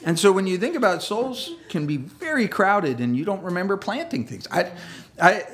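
A man preaching a sermon as pastor, conversational and self-deprecating, with jokey asides and laughs. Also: fairly high pitch. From United States. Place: church sanctuary.

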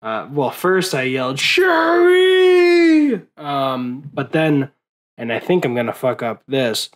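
A tired man talking late at night in a casual rambling monologue, swearing often and pausing with fillers as he mourns. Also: mid-range voice, poor audio. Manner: profane, grieving, rambling with many fillers. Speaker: movie vlogger.

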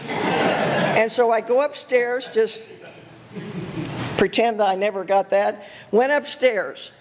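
Older woman, guest preacher, animated storyteller, in a reverberant church with light background noise. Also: a little high, slow. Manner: animated, laughing, acting out her own thoughts. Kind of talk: sermon with personal storytelling. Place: church sanctuary. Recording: echoey church hall with faint noise.

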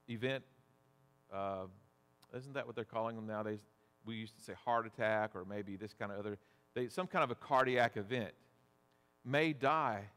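A man preaching a sermon as pastor, deliberate and measured, asking rhetorical questions. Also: medium pitch, fairly bright tone, clear, resonant tone. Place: church sanctuary. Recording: long church reverb.

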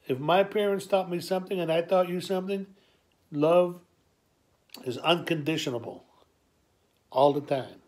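A man with a gravelly voice, telling an improvised comic story in a rambling, folksy way, full of halting restarts. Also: fairly high pitch, darkish tone. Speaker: improv monologuist. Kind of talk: improvised comedic monologue.

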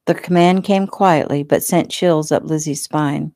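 Low-voiced woman reading her novel. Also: steady tone, measured pace, few pauses, mellow, no echo. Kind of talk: casual audiobook reading.

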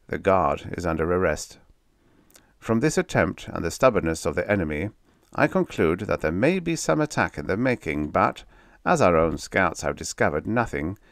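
A narrator voices a detached alien intelligence officer reciting his report in a low, flat, formal cadence. The delivery is dry and close, without warmth. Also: creaky, no echo. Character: cold, drawling alien male intelligence captain.

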